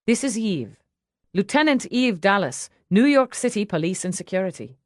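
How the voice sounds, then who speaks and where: A steady, understated Irishman of means, as a woman narrator reads him. He speaks in a calm, measured way, with a lively rise and fall in a dry audiobook recording. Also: high voice, dry recording. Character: wealthy Irishman returned home, calm and steady. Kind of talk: audiobook character voice.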